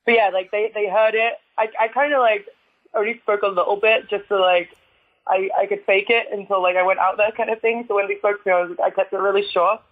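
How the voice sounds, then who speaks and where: An English woman, a retired wrestler, telling stories in a casual interview, chatty, full of "like" fillers and quick laughs. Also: medium pitch, steady tone, dry recording. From England. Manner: chatty storyteller with constant "like" fillers and frequent laughs. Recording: tinny phone-like line, dry.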